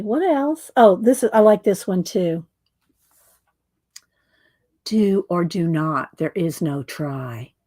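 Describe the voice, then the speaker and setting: A woman's voice: on the high side, dry recording. A woman chatting casually about her crafts, rambling, searching for words and chuckling as she goes. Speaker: crafter showing her doll scenes. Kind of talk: casual chat.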